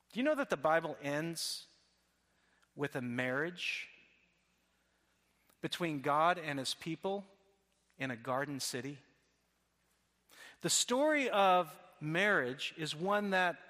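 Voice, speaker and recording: A man's voice: fairly high pitch, sharp tone. A man preaching a sermon earnestly, often restarting his phrases. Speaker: pastor. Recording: long hall reverb.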